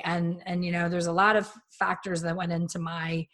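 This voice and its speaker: A woman's voice: fairly low pitch, normal speed. A middle-aged woman, a former hairstylist, talking casually on a podcast and acting out the people in her stories. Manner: chatty, animated storyteller who acts out quotes.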